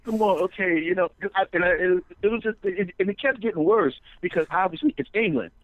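A high-pitched man tells stories on a comedy podcast. He is excitable and tumbles through restarts, then jumps into quick impressions of the people he describes. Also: no room sound, narrow, tinny audio. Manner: excitable, doing voices, frequent restarts. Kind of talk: animated storytelling on a comedy podcast.

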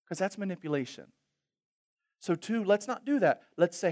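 A male pastor preaches with humor, moving between loud exhortation and soft reflection. His voice sits high and swings expressively, full of energy. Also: lively intonation, fairly quick. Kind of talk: sermon.

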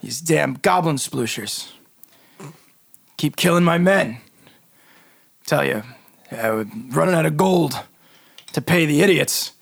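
A man voicing a gruff male warband leader in a tabletop game, talking in terse, grumbling bits. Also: on the high side, lively intonation, slow pace, pauses often, heavily acted.

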